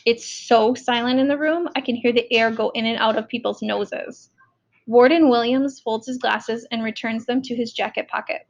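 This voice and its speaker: A woman reads an audiobook aloud in the first person with an even, measured delivery. Her voice sits fairly high with a gravelly edge, and the recording sounds dull and lo-fi. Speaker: audiobook narrator. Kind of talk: scripted first-person narration.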